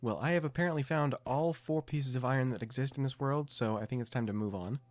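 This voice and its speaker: A man's voice: mid-range voice, fast talker, no echo. Chatty man narrating his gameplay. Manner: chatty, thinks aloud with self-mocking asides. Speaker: gameplay commentator. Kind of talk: casual let's-play commentary.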